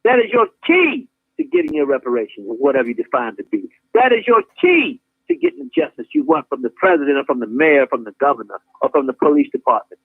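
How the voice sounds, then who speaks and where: A man's voice: medium pitch, huge pitch swings, fast, husky, dry recording. Guy preaching over a tinny dry phone line, acts out scenes, laughs a lot. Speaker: guest activist. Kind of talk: impassioned talk-show preaching. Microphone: phone call.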